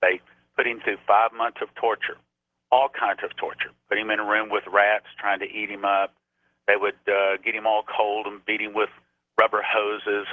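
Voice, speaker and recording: A man's voice: on the low side, flat delivery, moderate pace, no room sound. A man preaching on a radio show, telling a story earnestly and raising his voice when he quotes people. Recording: tinny phone-line sound.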